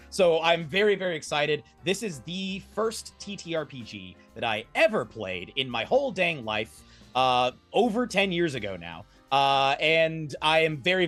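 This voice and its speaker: A playful, enthusiastic man introduces a tabletop game as its game master. His pitch swings in a lively way as he stresses his words. Faint music plays behind him.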